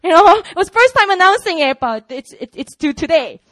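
A young woman with a Korean accent shares her testimony with a church, animated and chatty, leaning on "you know" as she goes. Her voice sits high, and the recording is dry and close with no room sound. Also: brisk, few pauses, no echo, low-quality recording. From South Korea. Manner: animated storytelling, frequent "you know" fillers. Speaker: ministry worker giving a testimony.

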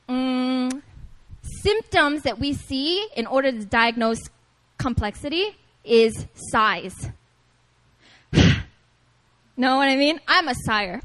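A woman preaching at a prayer meeting, talking to the congregation in an animated, playful way and calling on them to respond. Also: high voice, rough recording. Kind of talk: lively conversational sermon.

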